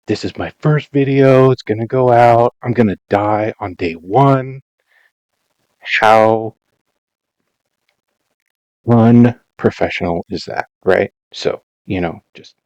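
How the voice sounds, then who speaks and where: A man's voice: mid-range voice, slow, darkish tone, no echo, dull audio. A man narrating his own gameplay in a rambling, self-mocking, dramatized way, in a casual voice-over. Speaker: Minecraft let's-play narrator.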